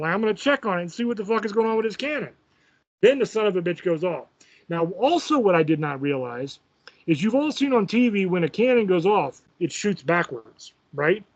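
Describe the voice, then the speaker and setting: High-pitched guy ranting a wild story, cussing nonstop, kinda dull muffled sound. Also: a little fast. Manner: profane, animated, self-mocking. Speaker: host. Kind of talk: casual storytelling.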